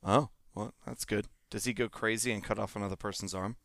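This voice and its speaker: A man in casual podcast chat, making dry deadpan jokes, often quietly. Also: lowish voice, fairly quick.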